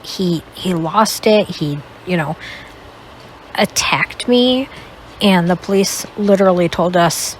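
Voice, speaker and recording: Rambling, candid woman with a lowish voice. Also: slight background noise, low-quality recording. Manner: candid, rambling, with many fillers and self-corrections. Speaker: channel host telling a personal story. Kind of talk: casual storytime while playing a game.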